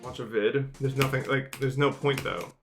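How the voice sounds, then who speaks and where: A man streaming a game, chatting casually, swearing often, and breaking into loud frustrated rants. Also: medium pitch, steady tone, noisy background. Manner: profane, ranting, quick swings into loud frustrated outbursts. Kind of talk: casual livestream chat while gaming. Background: music playing.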